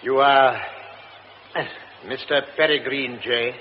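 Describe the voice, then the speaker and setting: A man's voice: mid-range voice, fairly even intonation, slow pace, natural voice. An actor playing a formal, insistent well-to-do man in a radio drama, with a stammering, earnest manner. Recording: dull old radio recording with hiss.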